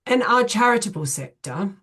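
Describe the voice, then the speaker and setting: A middle-aged woman, a chief executive hosting an online webinar at a measured pace, with frequent ums and uhs. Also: a little high, lively intonation, a bit bright. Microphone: video call.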